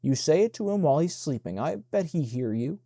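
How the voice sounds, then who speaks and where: A man reading the part of a firm elderly woman housekeeper who hushes the children, in a mellow, dry voice. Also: a little high, big pitch swings, fairly quick, no echo. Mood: firm, hushing.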